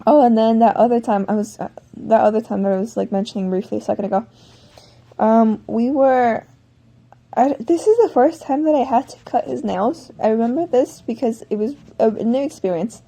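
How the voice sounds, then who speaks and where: A woman vlogger talks in a fairly high, mellow voice, winding through a personal story at her own loose pace. She rambles, backtracks and corrects herself mid-sentence in a casual, chatty way. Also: normal speed.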